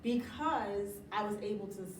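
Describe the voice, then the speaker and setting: A woman's voice: mid-range voice, a little slow, echoey room, recorded from a distance, background noise. A middle-aged woman talking about running her business in a casual interview, emphatic and motivational, often laughing. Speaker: interview guest, business owner.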